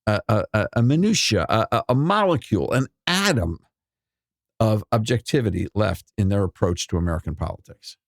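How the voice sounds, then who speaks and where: A man's voice: lowish voice, expressive, fairly quick, no echo, clean studio sound. A man co-hosting a political talk show, indignant and sometimes searching for the right word.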